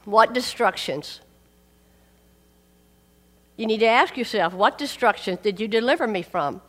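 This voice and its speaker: A woman's voice: on the high side, lively intonation, measured pace, a bit bright. A woman preaching a sermon, emphatic and repeating key phrases for weight. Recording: long hall reverb.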